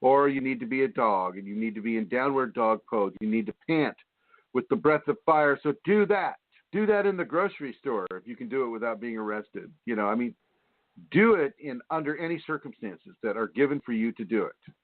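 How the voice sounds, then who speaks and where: A man's voice: medium pitch, expressive, a little fast, dry recording. A man hosting a spiritual radio show, talking in a rambling, repetitive, preachy way with many fillers. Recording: tinny phone line, dry.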